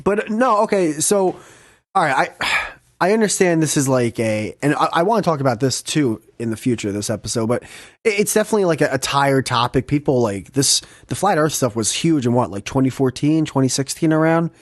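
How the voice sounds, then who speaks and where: A young man hosting a podcast, telling a story in a casual, excitable way, swearing and laughing often. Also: medium pitch, brisk, no echo, clean studio sound. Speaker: podcast host.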